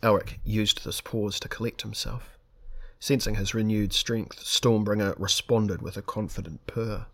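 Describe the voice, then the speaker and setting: A man reading a fantasy novel aloud as audiobook narrator, measured and steady. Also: lowish voice, no echo, studio quality. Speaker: audiobook reader. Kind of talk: scripted narration.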